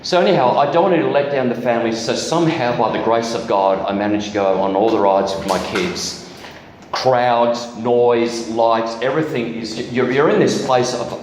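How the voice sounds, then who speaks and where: A man's voice: mid-range voice, normal speed, slight background noise. Man preaching in an echoey hall. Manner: candid storytelling with self-deprecating humor. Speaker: guest preacher. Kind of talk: personal testimony sermon. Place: church hall.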